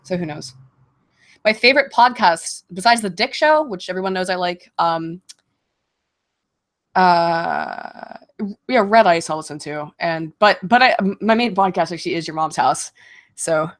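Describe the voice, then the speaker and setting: A woman casually chatting on a livestream Q&A, getting over a cold and clearing her throat, laughing often and swearing freely. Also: fairly low pitch, measured pace, long pauses. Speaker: streamer answering viewer questions.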